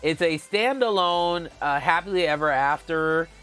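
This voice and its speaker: A man's voice: fairly high pitch, a little slow, bright, forceful tone, clear, resonant tone. A man chatting casually to viewers on a live stream, gushing and giggly, often calling out to them as guys. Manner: giggly, with playful exclamations. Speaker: book vlogger.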